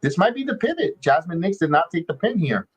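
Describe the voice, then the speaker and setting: A man's voice: a little high, very animated, slightly rough, dull audio, soft background music. A man hosting a live watch-along, chatting casually and rambling with frequent restarts and fillers. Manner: rambling, halting, many restarts. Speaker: podcast host.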